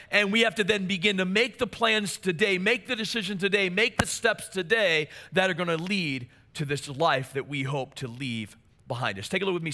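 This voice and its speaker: Bright-voiced man preaching a sermon. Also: high-pitched. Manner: earnest preaching with emphatic repetition. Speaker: pastor.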